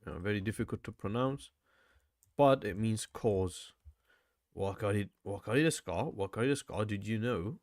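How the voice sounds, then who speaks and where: A man's voice: on the low side, a little fast, darkish tone. Chatty man repeating words aloud. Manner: thinks aloud, repeats words, says "bro" often. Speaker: language learner vlogger. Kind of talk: casual study vlog.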